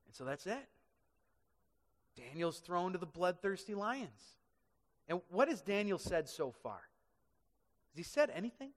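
A man preaching a sermon in an animated way, dropping to quiet and rising to shouts. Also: sits high, a little slow, pauses often. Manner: animated, swings from hushed to shouting. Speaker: pastor. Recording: echoey hall reverb.

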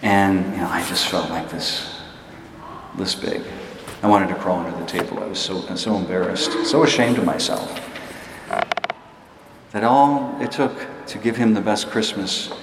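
A very deep-voiced man preaching a sermon in a large, echoing hall, with a long tail of reverb and audible room noise behind him. He tells stories in a loose, conversational way, restarting sentences and poking fun at himself. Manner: conversational, halting, self-deprecating storyteller. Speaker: pastor. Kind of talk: sermon with personal story. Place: church hall before a laughing congregation.

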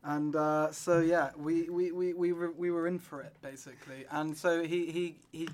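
A man's voice: a little high, steady tone, moderate pace, a little mellow. A man co-hosting a comedy podcast, telling a story in a casual, rambling way with many restarts. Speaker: podcast co-host. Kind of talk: comic storytelling.

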